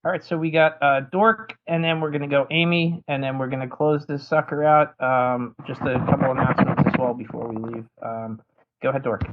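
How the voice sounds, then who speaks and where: A man's voice: medium pitch, steady tone, brisk. A man hosting a casual voice chat, calling on speakers one by one in an upbeat, easygoing way. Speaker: host. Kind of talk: moderating a voice chat. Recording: tinny phone-like line.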